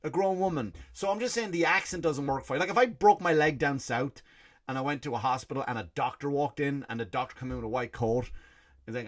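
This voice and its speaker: Talking fast at a medium pitch, a middle-aged Irishman whose accent has picked up some American traits rants profanely and bluntly as a podcast host. It's a comedy monologue full of restarted sentences.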